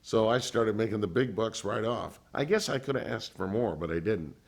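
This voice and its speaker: A man's voice: lowish voice, moderate pace, gravelly. An older man, a former radio DJ, telling stories in an oral history interview and acting out the voices of people he quotes. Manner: animated storyteller who acts out others' voices.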